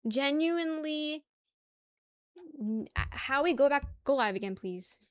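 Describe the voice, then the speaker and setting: A woman's voice: fairly high pitch, moderate pace, dry recording. Chatty young woman streamer, dry close sound. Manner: chatty, swears casually, laughs often. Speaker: livestream host. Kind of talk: casual chat with chat.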